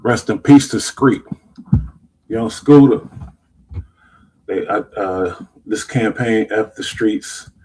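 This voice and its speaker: A man's voice: on the low side, takes it slowly, pauses often, darkish tone, a little hiss or hum, rough recording. A man hosting a show, reacting to clips in loose slang and rambling, casual commentary. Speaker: show host.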